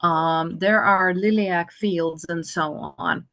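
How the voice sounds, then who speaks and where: A woman leads an English conversation lesson in a slow, patient way. Her voice sits a little low and she leans on many fillers while she thinks. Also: steady tone, vocal fry, a bit bright. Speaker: English teacher.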